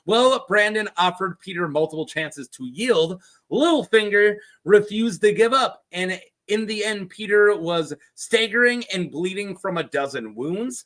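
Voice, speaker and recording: A man casually retelling fantasy lore as a video host, chatty and joking with quick asides. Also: sits high, lively intonation, bright, forceful tone. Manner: chatty, jokey asides with put-on quote voices.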